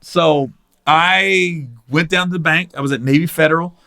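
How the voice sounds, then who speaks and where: A man's voice: a little high, moderate pace. A man in his forties hosting a podcast, telling a story in casual chat and swearing freely. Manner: animated, acts out other people's voices in quotes, swears freely. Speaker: podcast host.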